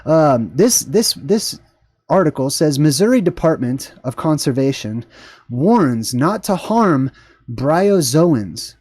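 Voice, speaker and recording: A man's voice: on the high side, very animated, slow pace, a little mellow, no echo. A man hosting a livestream show, talking casually and rambling with enthusiasm, with frequent fillers and restarts. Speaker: host.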